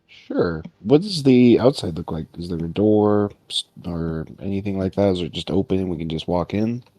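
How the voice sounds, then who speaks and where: A man's voice: low voice, animated, normal speed, mellow, dry recording. A man playing a tabletop game, talking casually in a hesitant, questioning way. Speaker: player.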